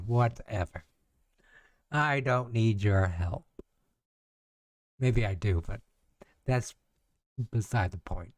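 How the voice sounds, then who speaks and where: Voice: medium pitch, darkish tone, no room sound. A streamer giving playful, self-mocking live-stream commentary to chat.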